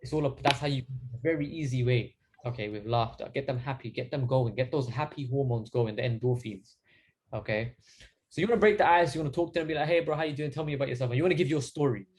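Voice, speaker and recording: A young man coaching his team in a casual, energetic training talk, with many fillers along the way. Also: medium pitch, quick pace, breathy edge. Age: young adult. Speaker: sales mentor.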